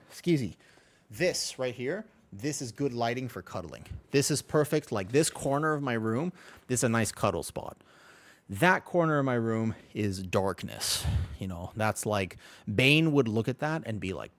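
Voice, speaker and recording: Lively, chatty male streamer in his room. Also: mid-range voice, a little slow, no echo. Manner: animated, chatty, swears freely. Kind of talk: casual chat to a live stream. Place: his bedroom.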